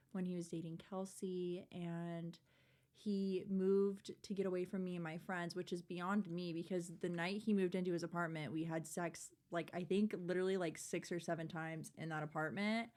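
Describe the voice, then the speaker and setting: A woman in her twenties, a podcast guest, telling a personal story in candid, chatty talk full of "like" and swearing. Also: on the low side. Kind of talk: casual chat.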